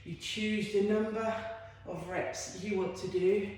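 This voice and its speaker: Her voice is mid-range and darkish, slow and fairly even in intonation, bouncing around a very echoey room. She is a fitness instructor guiding a home workout, encouraging and chatty, with jokes at her own expense.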